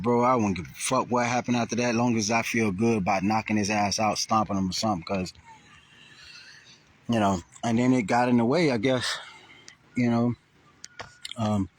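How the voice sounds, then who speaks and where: A man telling a rambling, profane story on a casual outdoor livestream. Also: fairly low pitch. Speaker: vlogger. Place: outdoors, riding around a graveyard.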